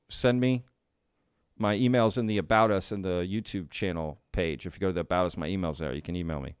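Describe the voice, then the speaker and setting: An upbeat man hosting a casual live stream, greeting viewers and laughing easily. His voice sits fairly low and comes across smooth and clear. The sound is dry and close to the mic. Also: no echo. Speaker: podcast host reading live chat.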